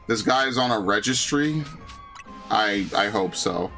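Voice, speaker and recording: A man's voice: lowish voice, lively intonation, measured pace, bright, forceful tone, faint music behind. A man streaming a game, reading its dialogue aloud and ranting in crude, sarcastic jokes. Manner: crude, sarcastic, jokey rants. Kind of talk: casual gameplay commentary.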